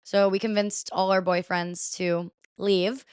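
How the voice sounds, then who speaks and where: A woman's voice: medium pitch, level tone, unhurried, darkish tone, smooth, no echo, studio quality. A young woman hosting a podcast, telling a travel story in a chatty, casual way, swearing freely and saying "like" a lot. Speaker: podcast host.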